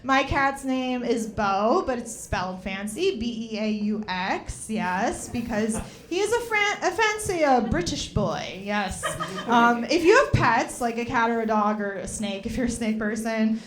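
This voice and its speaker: A young woman doing stand-up, rambling and chatty and packed with fillers. Her voice sits a bit high and bounces around a lot, as if she is riffing live. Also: expressive, measured pace. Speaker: stand-up comedian. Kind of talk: stand-up comedy set.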